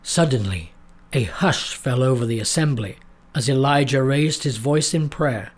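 A man's voice: medium pitch, a little slow. Man narrating a story dramatically.

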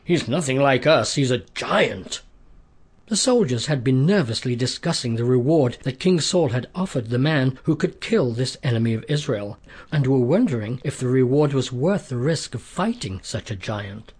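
A man narrating a scripted story in a steady, measured way, with a husky voice. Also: mid-range voice.

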